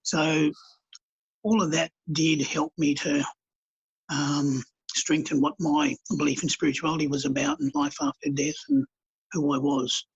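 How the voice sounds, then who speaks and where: A counsellor and healer, appearing as a guest on a conversational podcast interview, tells his story in a calm, earnest, unhurried way, using blunt colloquial words. His voice is fairly high for a man, with a gravelly, husky quality. The podcast audio sounds dull and lo-fi.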